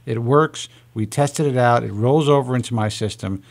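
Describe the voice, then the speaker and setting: A man's voice: mid-range voice, moderate pace, creaky. A man hosting a radio call-in show, rambling and joking with callers in casual chat.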